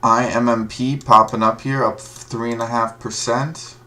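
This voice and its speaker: A man's voice: mid-range voice, little pitch movement, a little slow, sharp tone. A man streaming live, giving casual, rambling commentary on stock moves as he reads tickers aloud. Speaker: livestream stock trader.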